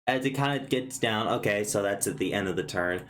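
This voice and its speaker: A man's voice: lowish voice, a little fast, fairly bright tone. A man running a tabletop game as game master, in casual talk and rule checks.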